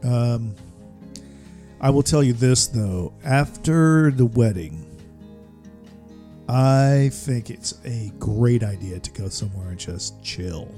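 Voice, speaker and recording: Animated, laughing middle-aged man chatting. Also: mid-range voice, slow pace, soft background music. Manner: animated storyteller, laughs often. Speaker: podcast co-host. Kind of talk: casual chat.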